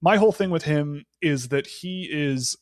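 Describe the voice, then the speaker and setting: A man's voice: fairly high pitch, normal speed, no room sound, clean studio sound. Rambling man breaking down prospects. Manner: rambling, thinks aloud with many restarts. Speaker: draft analyst guest. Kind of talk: casual podcast analysis.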